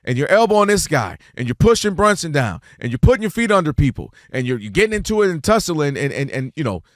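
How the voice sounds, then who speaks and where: A man's voice: fairly high pitch, very animated, fast, no room sound, studio quality. A man hosting a sports talk show, arguing his point and acting out quotes in other voices, repeating words when fired up. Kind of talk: animated sports debate.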